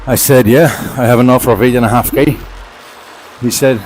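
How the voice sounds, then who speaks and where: A man vlogger tells a rambling story casually while riding an indoor trainer at home, a bit out of breath. His mid-range voice is darkish and slightly fast. The recording is rough, with slight background noise.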